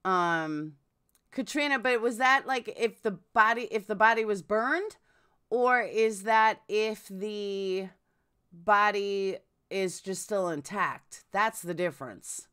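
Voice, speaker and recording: A woman's voice: mid-range voice, slow pace, bright, forceful tone, smooth. A woman hosting a casual live stream, chatting and answering viewers' comments. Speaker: true crime live streamer.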